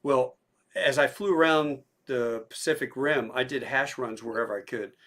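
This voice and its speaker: Brief: male podcast host, middle pitch, casual, hesitant anecdote-teller. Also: moderate pace, fairly bright tone. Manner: rambling anecdotes with hesitant fillers. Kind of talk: casual chat.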